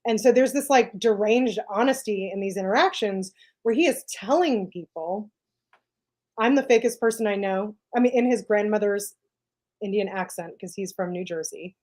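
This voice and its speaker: A woman's voice: medium pitch, moderate pace, darkish tone. Chatty woman podcast co-host. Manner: chatty, thinks aloud with frequent "like" and "right?". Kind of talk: casual discussion.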